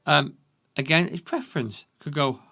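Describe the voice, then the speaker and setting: Gravelly Yorkshire man teaching piano. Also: fairly high pitch, normal speed. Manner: counts beats aloud, checks in with frequent "okay?". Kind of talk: step-by-step piano lesson. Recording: piano music loud underneath. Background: piano playing.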